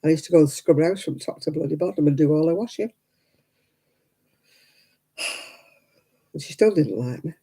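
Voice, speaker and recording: A woman's voice: sits low, expressive, normal speed, vocal fry, pauses often, mellow, breathy edge, rough recording. An older woman, telling rambling personal stories in casual chat as host of a crafting livestream, full of "you know" asides.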